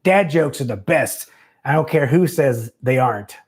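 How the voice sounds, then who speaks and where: A man's voice: mid-range voice, animated, moderate pace. A man hosting a live call-in show, loose and rambling, laughing easily with callers. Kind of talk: casual chat.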